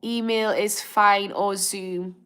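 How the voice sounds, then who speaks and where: A woman's voice: mid-range voice, fairly even intonation, slow, a bit bright, clean tone. A young woman with a Northern English accent, hosting a live stream and chatting casually while reading out viewer comments. She is apologetic and encouraging and laughs easily. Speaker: livestream host.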